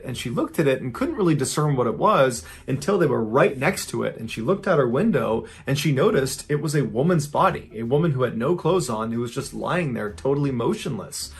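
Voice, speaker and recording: Man, gravelly, husky, true crime storyteller, steady conversational narration, faint music behind. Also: mid-range voice.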